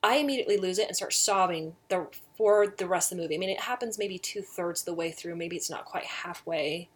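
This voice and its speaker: A middle-aged woman telling a personal story in a chatty, animated way, laughing often. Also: on the low side, fairly quick, husky. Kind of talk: casual storytelling.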